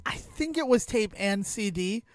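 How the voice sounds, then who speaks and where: A man's voice: high voice, lively intonation, normal speed, dry recording, studio quality. A man co-hosting a podcast in casual chat, jokey, laughing often, with a playful mock outrage. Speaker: podcast co-host.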